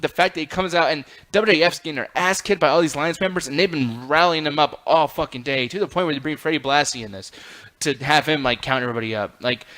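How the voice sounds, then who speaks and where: A young man hosting a casual wrestling chat, excitable and swearing a lot as he tells stories. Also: mid-range voice. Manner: excitable, heavy swearing, animated storytelling. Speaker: podcast host.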